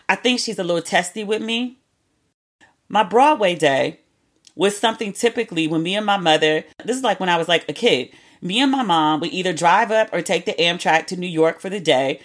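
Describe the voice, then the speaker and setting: A woman in her thirties hosting a podcast, chatting casually and telling animated stories with frequent asides. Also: mid-range voice. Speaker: podcast host. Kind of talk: casual solo chat.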